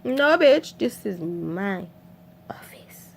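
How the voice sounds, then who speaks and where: A woman's voice: high voice, measured pace, voice pushed up. Woman putting on a stern record-exec man. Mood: scolding. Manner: put-on accent, scolding. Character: stern male record executive, gruff and bossy.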